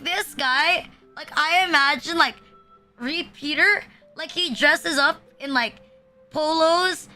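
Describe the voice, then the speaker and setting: A woman's voice: sits high, bright, forceful tone. A young woman streaming, joking crudely and rambling with lots of fillers. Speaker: VTuber streamer. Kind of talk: casual livestream chat.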